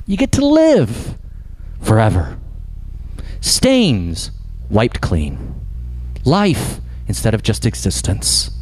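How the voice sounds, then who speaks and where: A man preaching a sermon as pastor, impassioned, swinging from loud emphatic lines to slow hushed ones. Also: fairly low pitch, wildly swooping pitch, slightly rough.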